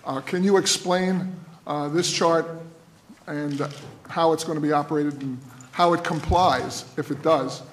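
A man's voice: on the high side, steady tone, measured pace. Man asking questions from far in a hall. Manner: folksy, joking, long-winded questions with many ums. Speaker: state senator questioning a witness. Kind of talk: legislative hearing questioning. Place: legislative hearing room. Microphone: table microphone, at first switched off. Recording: echoey distant hearing-room audio with noise.

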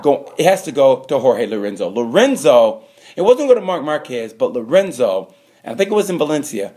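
A man hosts a comedic awards rundown in a rambling, excitable way. His pitch leaps around constantly, and he breaks into sudden loud outbursts. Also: fairly quick, breathy edge. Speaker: host. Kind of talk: comedic monologue giving awards.

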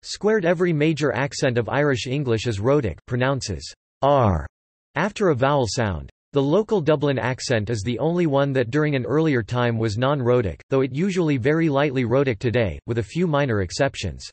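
A synthetic male text-to-speech voice reading an encyclopedia article in an even, machine-like way. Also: medium pitch, moderate pace, no room sound. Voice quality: flat, machine-like delivery with odd pronunciations.

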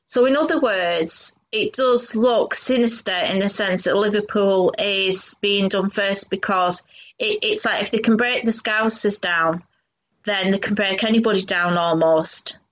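A woman's voice: mid-range voice, unhurried, fairly bright tone. A woman co-hosting a talk show, chatting casually and rambling with many fillers. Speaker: radio co-host. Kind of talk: casual chat interview. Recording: dull lo-fi audio.

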